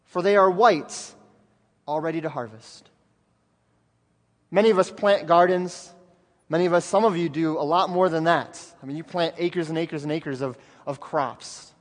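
Male pastor, high voice, impassioned sermon delivery, long church-hall reverb. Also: moderate pace. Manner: fervent preaching, swings from loud to hushed.

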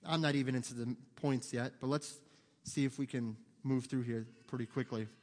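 A middle-aged man, preaching a sermon in an animated, conversational way with humor and asides, in a church sanctuary. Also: mid-range voice, moderate pace. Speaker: pastor. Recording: long hall reverb.

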